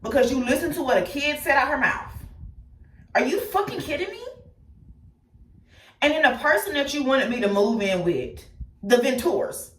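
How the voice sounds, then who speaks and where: A woman telling her life story candidly and bluntly, cursing freely, talking straight to her listeners and swinging between loud outbursts and quiet asides. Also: high-pitched, fairly quick, far from the mic, slight background noise. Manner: blunt and profane, addresses listeners directly. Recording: echoey room, speaker set back from the mic.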